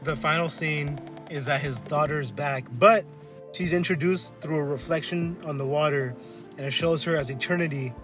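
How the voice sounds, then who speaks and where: Guy on a podcast, kinda high voice, laughs a lot, cusses, music going loud behind him. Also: normal speed. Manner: laughs often, acts out scenes in quoted voices; swears casually. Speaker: podcast co-host. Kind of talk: casual chat, movie review. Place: collectibles shop.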